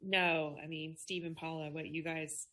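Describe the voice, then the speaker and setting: A woman with a bright, somewhat low voice hosts a live Q&A. She speaks supportively to her guests as she reads out and reframes questions. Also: little pitch movement, normal speed. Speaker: Q&A host. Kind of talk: hosting a live Q&A.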